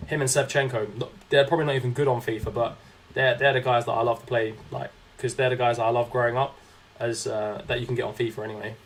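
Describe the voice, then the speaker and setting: Slight background noise accompanies a young man talking fast in a medium-pitched, steady tone. He's casually commentating his own game on a live stream, reacting as he plays and reading chat out loud to answer viewers.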